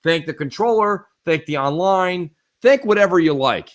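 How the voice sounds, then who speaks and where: Man, slightly high voice, opinionated, emphatic, casual gaming chat. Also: lively intonation, moderate pace. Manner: opinionated, emphatic, repeats "it is what it is". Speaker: podcast co-host.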